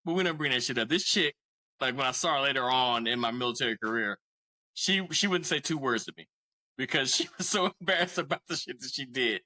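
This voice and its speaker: A man's voice: medium pitch, animated, brisk, sharp tone, rough recording. A man in his forties casually telling a profane story as a podcast co-host, often laughing.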